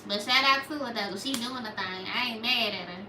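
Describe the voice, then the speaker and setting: A young woman with a Memphis Southern accent talks casually to her livestream viewers in a small, rather high voice. She chats along and reads out their questions. The sound is roomy and echoey, as if she sits back from the mic. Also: fairly quick, recorded from a distance, noisy background. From Memphis, Tennessee. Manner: chatty, reads out viewer comments. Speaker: livestream host.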